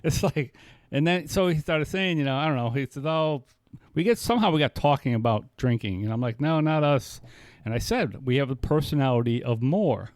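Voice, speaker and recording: A man's voice: mid-range voice, brisk, darkish tone, dry recording. A man co-hosting a podcast about sobriety, talking casually in long, rambling stretches full of restarts and retold conversations. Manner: rambling, many restarts, quoting others in dialogue. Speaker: podcast co-host. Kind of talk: casual recovery podcast chat.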